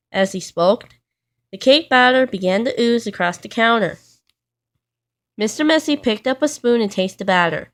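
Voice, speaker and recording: A woman's voice: on the high side, lively intonation, normal speed. Woman reading a children's storybook aloud. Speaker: reader.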